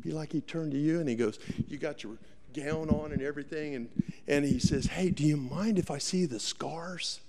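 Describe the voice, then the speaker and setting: A man's voice: a little high, normal speed, darkish tone, slight background noise. A man telling a story in a sermon, folksy and dramatic, acting out the voices of the people in it. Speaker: preacher. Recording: long hall reverb.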